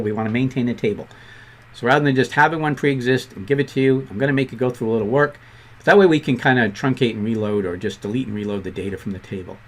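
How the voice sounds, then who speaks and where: Quick-talking man with a Boston accent. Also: mid-range voice. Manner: quick-talking, conversational, self-deprecating asides. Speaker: programming instructor. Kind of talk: screen-recorded coding tutorial.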